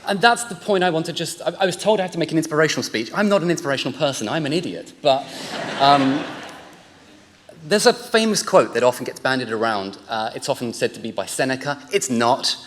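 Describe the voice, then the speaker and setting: A man's voice: a little high, brisk, a bit bright, slight background noise. A man in his forties giving a chatty, self-deprecating acceptance speech, a little emotional and rambling. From England. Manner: chatty, jokey, rambling with restarts. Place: large ceremony hall. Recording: long hall reverb.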